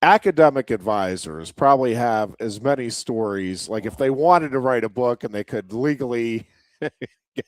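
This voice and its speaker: A man co-hosting a casual chat show, talking in halting stretches with restarts and little chuckles. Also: medium pitch, lively intonation, no echo. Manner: halting, many restarts and fillers, chuckles mid-sentence. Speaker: co-host.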